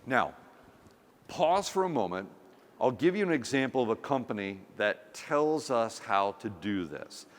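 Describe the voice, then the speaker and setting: A man delivers a keynote in a big conference hall, and his voice carries a long reverb. He tells a funny personal story with a lively, swinging pitch and acts out the quotes. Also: a little slow. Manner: animated, humorous storytelling with acted quotes. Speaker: conference speaker.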